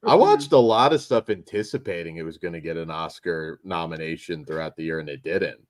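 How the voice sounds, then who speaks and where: A man's voice: sits low, animated, brisk, dry recording, clean studio sound. A man co-hosting a casual podcast, goofy and crude, joking around while reading out the nominees. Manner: goofy, crude jokes, reads in mock announcer voice. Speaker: podcast co-host. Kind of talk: casual chat.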